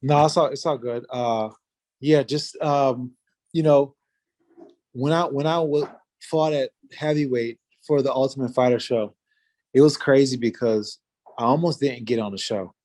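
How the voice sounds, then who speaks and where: Man, 40s, interview guest; relaxed storyteller, mid-pitched, loose and filler-heavy. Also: a little slow. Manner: laid-back, animated retelling with many fillers. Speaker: interview guest, former fighter. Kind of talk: casual storytelling.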